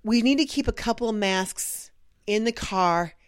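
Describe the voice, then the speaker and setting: A woman co-hosting a drive-time radio show, telling funny stories in animated, casual chat and breaking into voices. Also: mid-range voice, a little slow, no room sound, clean studio sound. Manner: animated storyteller, jumps into character voices.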